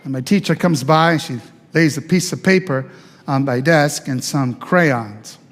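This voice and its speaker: A male pastor from Italy shares his testimony from the pulpit in an easy, chatty way, turning to the congregation with questions. His voice sits high for a man. The sound rings with long reverb in a church sanctuary. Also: measured pace. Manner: conversational, chatty with fillers and audience asides. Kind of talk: testimony sermon storytelling.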